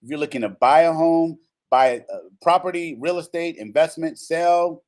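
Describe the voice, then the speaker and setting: A man's voice: on the high side, moderate pace, darkish tone. A man hosting a radio talk show, upbeat and playful.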